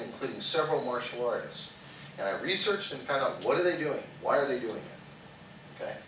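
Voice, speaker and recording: A man's voice: on the high side, far from the mic. A male martial arts instructor teaching a small class, checking in with "okay?" after nearly every sentence, asking the group questions and leading them in chants. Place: karate school training hall. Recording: echoey hall recorded from afar with background noise.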